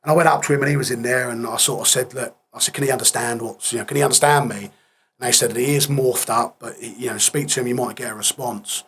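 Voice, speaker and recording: A husky-voiced man in his thirties speaks as a podcast guest. His voice sits at a middling pitch. He tells his story plainly and quietly, often trailing off. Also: fairly even intonation, fast talker. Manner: plain-spoken, subdued, trails off in places. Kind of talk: recounting a war injury in a casual interview.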